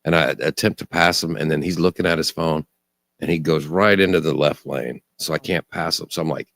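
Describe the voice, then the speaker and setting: Very deep-voiced man in casual chat. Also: steady tone, fairly quick, vocal fry, a bit bright, no echo, clean studio sound. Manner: conversational, wry, swears casually.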